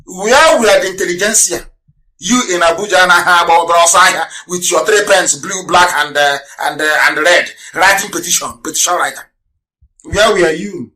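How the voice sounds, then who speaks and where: A man with a high, bright, forceful voice delivers a live radio broadcast as a heated rant. He hammers listeners with rhetorical questions, scorns his opponents, and swings suddenly into shouting. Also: unhurried. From Nigeria. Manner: scornful, mocking. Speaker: broadcast host.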